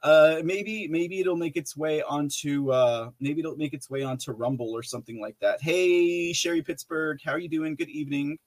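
Man, live podcast host, slightly higher voice, casual rambling, reads chat, frequent fillers and restarts. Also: steady tone, normal speed, few pauses. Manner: rambling with many fillers and restarts, laughs often, reads chat messages aloud.

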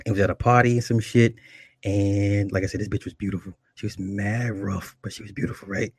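Husky-voiced man telling crude stories. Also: on the low side, steady tone, fairly quick, darkish tone, no echo. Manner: loose, profane, laughing asides. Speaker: comedic storyteller. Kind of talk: profane comic storytelling.

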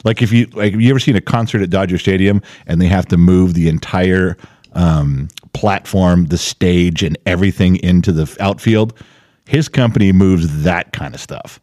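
A man co-hosting a podcast in casual chat, telling a story with animated delivery and putting on the voices of the people in it. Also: deep voice, moderate pace, no room sound, studio quality. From Central California. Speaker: podcast co-host.

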